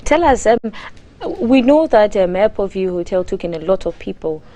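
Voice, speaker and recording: A woman presenting a live breakfast TV show, asking lively questions and echoing her guest's words back. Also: mid-range voice, moderate pace. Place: TV studio.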